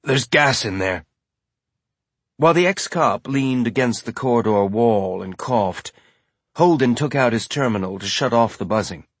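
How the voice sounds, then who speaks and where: A man giving measured, scripted audiobook narration. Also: medium pitch, expressive, breathy edge, no room sound.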